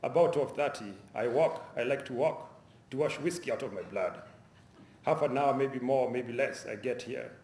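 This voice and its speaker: A man voicing a composed, aloof male professor in a read-aloud story, speaking calm, clipped, broken English. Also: mid-range voice, normal speed, slight background noise, close to an everyday voice. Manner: calm, dismissive. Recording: roomy lecture hall echo.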